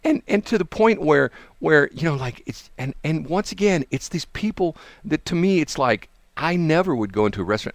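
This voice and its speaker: A man's voice: on the high side, lively intonation, brisk, hardly any pauses, no echo. A man hosting a radio show, chatting casually in a studio, rambling with many restarts and asides. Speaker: radio host. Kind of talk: casual on-air banter.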